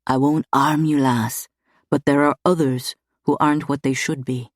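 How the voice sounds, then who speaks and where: A woman voicing a gentle male police runner with a deep country voice, speaking slowly and reassuringly. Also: fairly even intonation, no room sound, clean studio sound.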